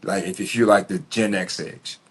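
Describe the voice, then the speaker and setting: A man's voice: low voice, fairly even intonation, normal speed. A man, telling his life story in a casual, rambling, profane way full of fillers. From Philadelphia. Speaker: podcast host.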